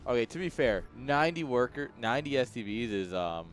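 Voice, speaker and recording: An animated man with a medium-pitched voice talks a little fast as he casts a strategy game, faint music behind him. He streams from home on a webcam, chatty and laughing often as he speaks to his chat.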